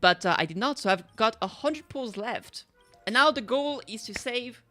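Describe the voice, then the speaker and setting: Bubbly, excitable woman streamer. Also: fairly high pitch, moderate pace, faint music behind. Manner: bubbly and excitable, swearing casually. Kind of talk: casual live-stream chat while gaming.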